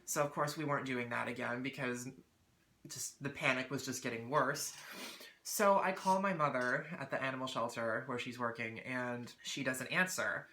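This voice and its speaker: Female vlogger, low pitch, crisp bright tone, dramatic and self-mocking. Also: steady tone, normal speed. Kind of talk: storytelling vlog.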